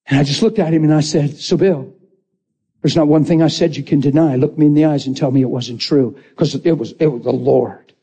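A man preaching a lively testimony, acting out the voices in his story and laughing often. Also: fairly high pitch, brisk, breathy edge. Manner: animated, acts out quotes, laughs often. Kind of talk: sermon storytelling.

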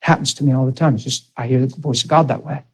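A man's voice: fast talker, husky. A man, a pastor, preaching a sermon and telling a personal story in an earnest, emotional way. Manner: earnest and emotional, swinging to high excited outbursts.

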